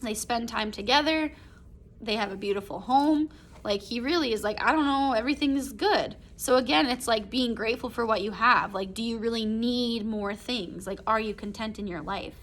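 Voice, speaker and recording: In a casual recorded class lesson, a young English teacher guides students through a short story. Her fairly high, slightly bright voice moves at a normal speed, and she chats along, sprinkling in "like" and "right?" constantly.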